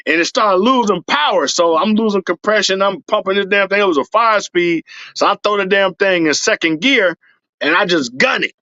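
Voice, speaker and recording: A man spins a long, profane yarn in loose, casual talk. His voice sits a little high, and he bursts into shouts and laughter as he goes. The sound is dry and a bit dull. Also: dry recording. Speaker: podcast guest, superfan. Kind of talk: casual storytelling.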